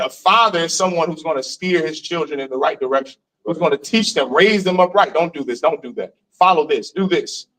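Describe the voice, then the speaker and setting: A man's voice: high voice, a bit bright, low-quality recording. A man from Missouri giving a preachy street lecture, telling stories and putting questions to the room. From Missouri, USA.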